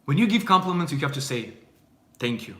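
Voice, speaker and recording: A young man with a Russian accent, a native Russian speaker, teaching a casual language lesson in a playful, animated way. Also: fairly high pitch, quick pace, reverberant. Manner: animated, playful, puts on voices in anecdotes.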